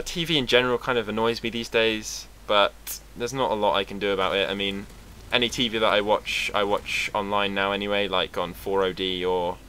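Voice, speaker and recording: A young Englishman with a British accent rambles through a casual vlog, sarcastic and swearing freely. His voice sits fairly low yet sounds bright and forceful, with a faint hiss of background noise in the room. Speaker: vlogger.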